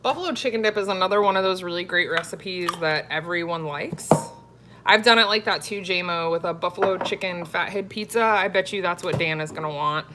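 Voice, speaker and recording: A woman from Florida talks casually to viewers on a live cooking stream. She reads their comments aloud and answers them in a chatty, easy way. Her voice sits a little low, with a faint hiss behind it. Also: brisk, sharp tone. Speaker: cooking vlogger.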